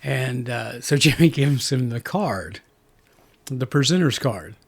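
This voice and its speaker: A man's voice: mid-range voice, lively intonation, slow pace, vocal fry, slightly rough. A man co-hosting a movie review podcast, talking in a rambling casual way with lots of restarts. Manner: rambling, many restarts and fillers. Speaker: podcast co-host.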